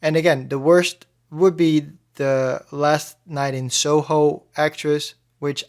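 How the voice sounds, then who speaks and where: Animated, swearing young man podcasting. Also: fairly high pitch, slow pace, clean tone. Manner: animated, swears freely, rambling asides. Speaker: podcast host. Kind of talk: casual solo podcast chat.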